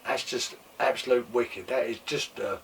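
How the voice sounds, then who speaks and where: An excitable man hosting a casual toy collecting show, with a voice that is wearing thin and going slightly hoarse. He gushes and repeats his exclamations, swearing now and then. He sits a little back from the microphone, with faint room noise behind him. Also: mid-range voice, moderate pace, far from the mic. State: losing his voice. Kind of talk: casual show-and-tell chat.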